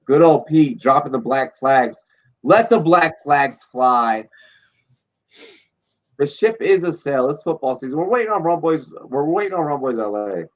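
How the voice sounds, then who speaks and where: A man's voice: on the high side, measured pace. Rowdy, profane man on a lo-fi stream. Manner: profane, rambling, animated storytelling. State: drinking. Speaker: podcast host. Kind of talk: casual live-stream chat. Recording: dull lo-fi stream audio.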